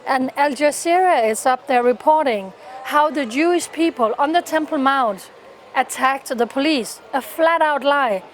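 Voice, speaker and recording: Woman, high voice, fervent, earnest testimony, repeats words, faint background noise. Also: unhurried. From Denmark. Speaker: interviewee, pro-Israel activist. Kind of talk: personal testimony in an interview.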